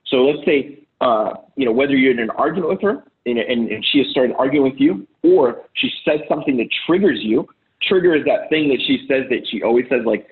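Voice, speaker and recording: A man's voice: medium pitch, expressive, a little fast. A man giving casual relationship advice to other men, blunt and profane, acting out heated arguments in quoted lines. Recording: phone-like lo-fi audio.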